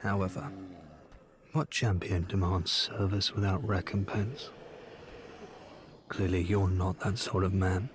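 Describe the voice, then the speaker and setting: Game sorcerer, very low voice, formal and measured, aloof scholar, noisy game audio. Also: male voice, little pitch movement. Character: aloof scholarly male sorcerer in his study. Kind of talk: video game dialogue. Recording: game audio with clear background noise.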